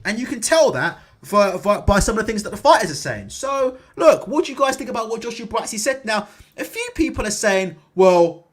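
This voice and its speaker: Lively high-voiced man ranting. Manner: rhetorical, keeps tagging questions like "innit?" and "right?"; swears casually, laughs at his own jokes. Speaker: boxing YouTube channel host. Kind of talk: casual opinion commentary.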